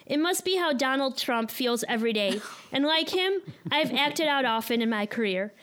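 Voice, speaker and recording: Woman, 30s, Chicago accent, live storyteller, self-deprecating and candid, slightly high voice. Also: lively intonation, moderate pace, a bit bright.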